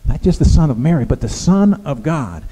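A male pastor preaching a sermon in a conversational, halting way, with frequent restarts and fillers. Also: a little high, big pitch swings, warm tone, in a large hall, rough recording. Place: church sanctuary.

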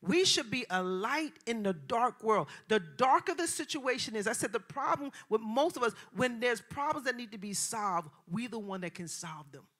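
A woman pastor preaching a sermon in a colloquial way, repeating phrases and rising from hushed passages to loud, shouted preaching. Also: fairly high pitch, lively intonation, normal speed, hardly any pauses. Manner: colloquial, repeats phrases, acts out quoted voices.

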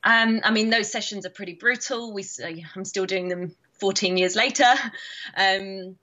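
A British woman in her thirties tells her stories with animation, laughing often and acting out what people said. Her voice is bright and forward, though the audio comes through dull and lo-fi, like a video call. It sounds like a relaxed interview. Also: mid-range voice, moderate pace. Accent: British English. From Britain. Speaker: guest, karate champion. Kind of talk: casual interview chat.

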